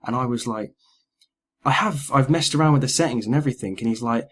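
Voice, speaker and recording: Guy on a gaming podcast, kinda husky, animated, keeps doing little voices. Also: medium pitch, fast talker. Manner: animated, acts out quoted lines. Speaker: podcast host. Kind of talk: casual gaming chat.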